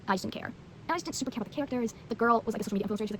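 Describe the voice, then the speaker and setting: Fast-talking teen girl, rambling. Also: a little high, background noise. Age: teens. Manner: rambling, filler-heavy, blunt. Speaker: vlogger. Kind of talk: casual book review chat.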